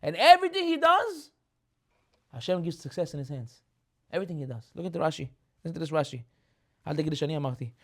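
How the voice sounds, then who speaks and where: A rabbi preaches at a rapid clip in a slightly high voice. He keeps repeating his key lines and scatters Hebrew terms through the talk. His volume often climbs to loud, emphatic peaks. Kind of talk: sermon.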